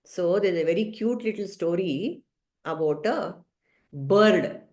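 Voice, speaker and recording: A woman teaching a scripture study class, telling a story gently with some hesitant fillers. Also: fairly low pitch, expressive, takes it slowly. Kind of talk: storytelling lesson. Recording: roomy echo.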